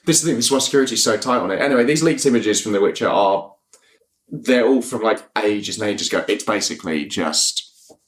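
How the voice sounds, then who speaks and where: A man's voice: lowish voice, animated, a little fast. A man co-hosting a podcast, telling chatty anecdotes in a casual chat and laughing often. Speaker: podcast co-host.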